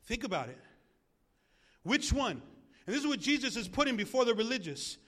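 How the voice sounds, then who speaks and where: A male pastor preaching a sermon in a church, animated and jokey, asking the congregation questions. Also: very high-pitched, a little fast.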